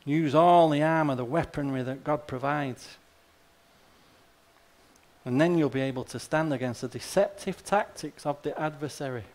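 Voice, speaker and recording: A man's voice: mid-range voice, moderate pace, pauses often, darkish tone. A male pastor delivering a sermon in a conversational, plain-spoken way, often tossing rhetorical questions and wry asides to the congregation. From Australia.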